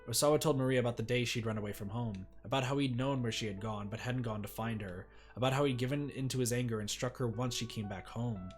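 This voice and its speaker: A man's voice: mid-range voice, quick pace, few pauses, faint music behind. Man narrating a story game. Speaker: streamer. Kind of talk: reading a game's story text aloud.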